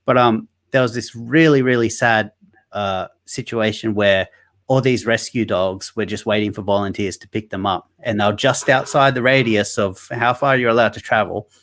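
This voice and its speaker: A man's voice: on the low side, steady tone, normal speed, fairly bright tone. A man with a nasal Australian accent, chatting as a guest in a casual interview, joking and rambling with many fillers and restarts. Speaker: guest, online activist. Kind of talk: casual interview over a video call. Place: Sydney.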